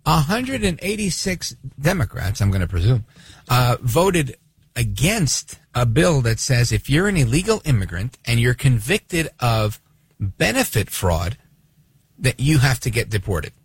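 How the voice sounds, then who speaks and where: A man hosting a talk radio show, giving sarcastic, animated commentary. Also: medium pitch, a little slow, husky. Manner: sarcastic, animated, acts out voices of others.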